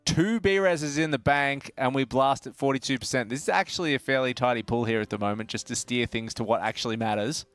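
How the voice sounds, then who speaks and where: A man's voice: medium pitch, a little fast, few pauses, fairly bright tone, clear, resonant tone, no room sound. An Australian man casting a live raid stream with upbeat play-by-play calls. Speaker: stream caster. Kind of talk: live game-stream commentary.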